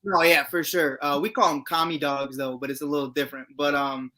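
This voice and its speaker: Easygoing man with a higher bright voice. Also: flat delivery, fairly quick. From Chicago. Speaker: co-host. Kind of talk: casual chat.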